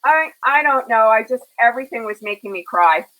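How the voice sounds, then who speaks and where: A woman co-hosting a casual cooking show from her home kitchen over a video call, chatty and quick to giggle as she narrates each step. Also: a little high, lively intonation, bright, forceful tone, low-quality recording. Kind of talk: casual chat while cooking.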